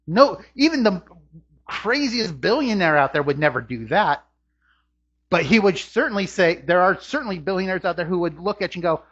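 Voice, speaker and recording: A man's voice: high-pitched, big pitch swings, moderate pace, a bit bright, slightly rough. A man preaching a sermon as a pastor, earnest, his voice climbing on rhetorical questions. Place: church sanctuary. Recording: dull lo-fi church recording.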